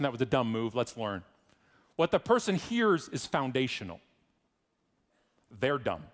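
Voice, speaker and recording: A man giving a conference keynote speech, an irreverent, joking storyteller with rapid, animated asides. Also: fairly high pitch. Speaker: keynote speaker.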